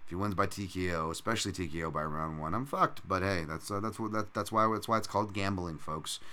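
A man's voice: sits low, fast talker, sharp tone. A man hosting a fight betting podcast in casual, profane, rambling chat with self-mocking jokes.

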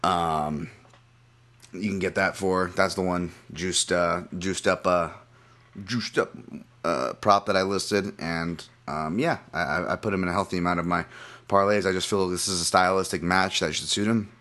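Man, lowish voice, podcast host, casual profane ranting, lots of restarts, fight-pick analysis. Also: normal speed. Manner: calmer analytical betting breakdown.

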